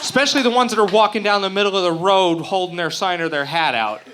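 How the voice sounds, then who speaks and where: Profane stand-up comic, man from Utah, bright forceful tone, a touch higher than most. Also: quick pace. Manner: crude, profane, brash joking. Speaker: stand-up comedian. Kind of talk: stand-up comedy set. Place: open mic stage before a live crowd.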